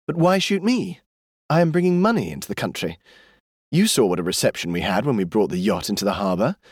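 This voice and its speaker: Storybook: man reading a defiant, mocking young heiress, lifted pitch, lively swings, dry booth. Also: a little fast, husky, dry recording. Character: spirited young woman, twenty-one, scornful and headstrong. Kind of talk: audiobook character voice.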